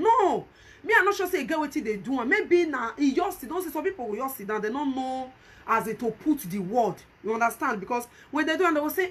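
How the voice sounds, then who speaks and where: A woman's voice: high-pitched, expressive, fast talker, breathy edge. A woman with a Nigerian Pidgin accent giving emphatic, repetitive vlog commentary and pleading with viewers. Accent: Nigerian Pidgin English. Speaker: vlogger.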